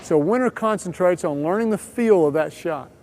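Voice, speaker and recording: A man giving a scripted instructional voice-over for a training video, explaining each point in a measured way. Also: sits high, animated, darkish tone.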